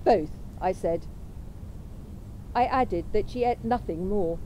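A woman reading aloud from a lecture at a memorial event in a measured, unhurried way. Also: mid-range voice, mellow, dull audio, a little hiss or hum. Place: college chapel.

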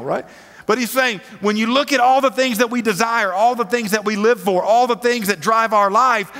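A man's voice: high-pitched, vocal fry, fairly bright tone. A male preacher gives a conversational sermon, reading scripture aloud and asking his listeners casual rhetorical questions. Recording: long reverb of a large hall.

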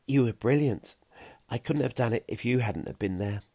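A man voicing Fiona, a bright and bashful Stone Age girl who speaks softly but briskly. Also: medium pitch, slightly rough, dry recording. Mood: tender. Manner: soft and warm, briskly practical.

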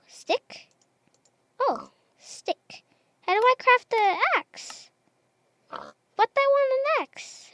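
A woman's voice: very high-pitched, bright, forceful tone, no room sound. A woman casually commenting as she plays a building game, chatty and unsure of herself, talking to the animals she meets. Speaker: gamer. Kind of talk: casual Minecraft let's play commentary.

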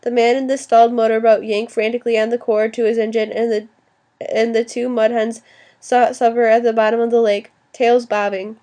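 A woman narrating an audiobook in an even, steady reading voice. Her pitch sits somewhat high, but the tone is dark and mellow. She now and then restarts a word. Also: a little fast. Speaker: audiobook reader.

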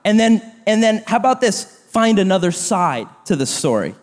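A man in his thirties preaching a sermon to a church, animated and self-deprecating, acting out quoted gossip. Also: high voice, normal speed. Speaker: pastor. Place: church auditorium. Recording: long reverb of a large hall.

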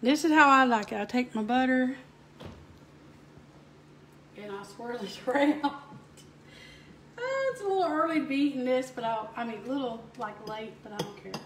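A woman's voice: fairly high pitch, moderate pace, long pauses, a bit bright. A woman with a Southern US accent, chatting homily through a cooking demo and calling viewers y'all. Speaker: home cook host.

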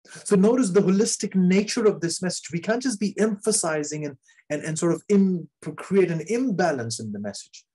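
A man delivers a sermon with earnest emphasis, his voice somewhat high and husky. He circles back on phrases and restarts them, then lets the ends of key lines sink low and quiet. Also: expressive, moderate pace. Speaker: preacher.

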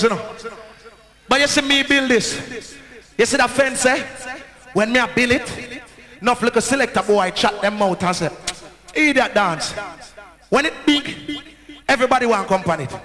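A man with a Jamaican accent, a sound system selector hyping a live dancehall crowd with boastful, shouted patois banter. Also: very high voice, long reverb tail.

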